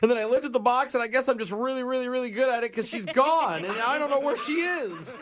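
A man's voice: very high-pitched, quick pace, a crowd in the background. A man making a prank phone call as a flustered, frantic dog sitter who keeps laughing through his lines. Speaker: radio prank caller posing as a dog sitter.

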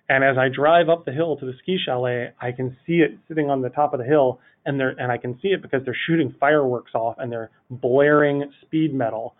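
A man, a guest on a podcast, telling a funny anecdote in an animated, rambling way full of "like". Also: mid-range voice. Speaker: podcast guest, city project manager. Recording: tinny phone-line audio.

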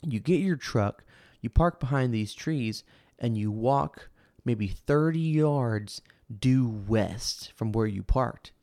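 A man quoting a secretive old man who gives slow, drawn-out directions. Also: mid-range voice, animated, mellow, dry recording, studio quality. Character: secretive old man giving fishing tips.

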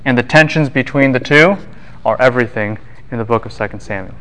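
A man giving a university classroom lecture in a relaxed, joking way, often acting out what other people would say. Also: medium pitch, brisk, rough recording. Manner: casual, quips and acts out voices of students and scholars.

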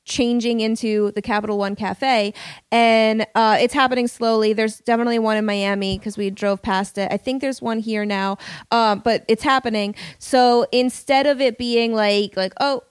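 A woman's voice: a little high, steady tone, moderate pace, clear, resonant tone, no echo. A woman who is a guest comedian on a podcast, chatting in an upbeat, enthusiastic way. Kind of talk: casual chat.

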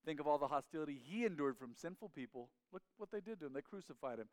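A man's voice: on the high side, lively intonation, fast talker, a little mellow, no room sound. A male pastor preaching a sermon, leading the congregation in call-and-response with emphatic, rising appeals. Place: church sanctuary.

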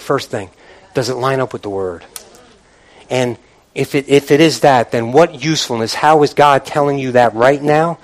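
An older man, a pastor, preaching a sermon to his congregation, moving from quiet reflection to fervent exhortation and calling out to the room. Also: medium pitch, normal speed. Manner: builds from quiet musing to impassioned preaching; calls out "Amen?" and "come on" to the congregation.

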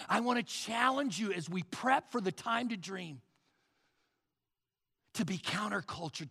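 A high, bright male pastor preaching with a gravelly edge, pacing his words slowly. He swings from forceful calls to hushed near-whispers. His voice carries with a long hall reverb. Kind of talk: sermon.

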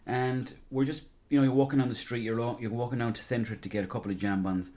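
A man's voice: mid-range voice, fairly even intonation, quick pace, darkish tone. An Irish man hosting a podcast, talking in a casual, rambling, sweary and jokey monologue. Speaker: podcast host.

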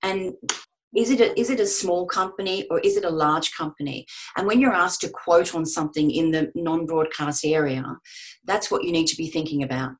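A woman with a slightly low voice talks frankly over a video call. She answers questions in a loose, conversational way and often restarts her sentences. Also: moderate pace. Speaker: voice-over panel host. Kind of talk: webinar Q&A advice.

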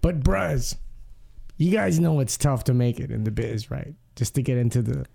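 A man's voice: medium pitch, moderate pace, vocal fry, dark tone. A man hosting a podcast, bantering crudely and teasing his co-hosts. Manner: profane, teasing, talks over others. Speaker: podcast host.

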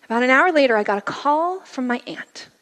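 A middle-aged woman telling her faith story at a church service, in an earnest, conversational way that often sinks to a soft hush. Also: high-pitched, animated, fairly quick, in a large hall. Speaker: guest speaker sharing a testimony. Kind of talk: personal testimony talk.

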